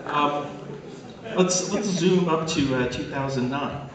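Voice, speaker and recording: A man's voice: fairly high pitch, takes it slowly, heavy background noise. A man moderating a live Q&A, asking long, detailed questions with fillers. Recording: echoey hall, far from the mic, dull sound.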